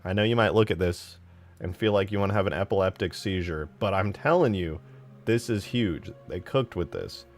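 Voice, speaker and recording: A man's voice: low-pitched, normal speed. A young man casually streaming while modding a game map, rambling and swearing in slangy talk.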